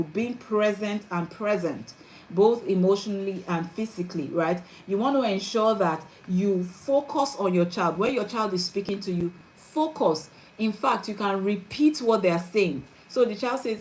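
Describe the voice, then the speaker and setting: A woman's voice: mid-range voice, slight background noise, low-quality recording. Earnest woman teaching parenting. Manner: earnest and emphatic, checks in with listeners. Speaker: parenting coach. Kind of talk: teaching talk.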